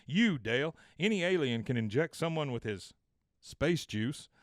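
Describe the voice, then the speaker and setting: A man's voice: mid-range voice, animated, a little slow, no echo, clean studio sound, lightly acted. A man doing a stern no-nonsense dad. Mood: firm. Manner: firm, scolding. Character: stern, plain-spoken middle-aged dad. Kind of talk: retelling a cartoon scene.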